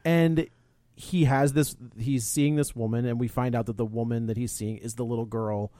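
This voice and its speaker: A man's voice: mid-range voice, fairly even intonation, normal speed, dark tone, no echo. Male co-host, loose rambling plot recap, dead-dry close sound. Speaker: podcast co-host. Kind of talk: casual movie review chat.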